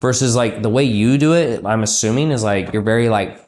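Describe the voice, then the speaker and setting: A man's voice: medium pitch, fast, few pauses, darkish tone. A man coaching a business owner in a blunt, profane, ranting way.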